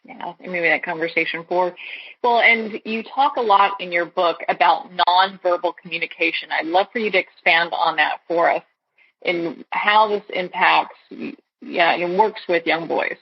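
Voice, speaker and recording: Husky-voiced woman host asking questions. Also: lowish voice, moderate pace. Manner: brief, encouraging prompts to the guest. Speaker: podcast host. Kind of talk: interview questions. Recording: dull lo-fi audio.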